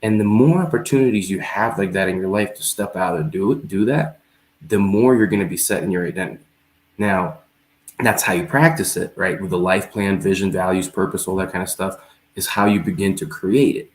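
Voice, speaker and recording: A man's voice: deep voice, fairly quick. A man hosting a talk show, speaking earnestly and reflectively as he tells a personal story in a casual discussion. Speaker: show host. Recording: roomy echo.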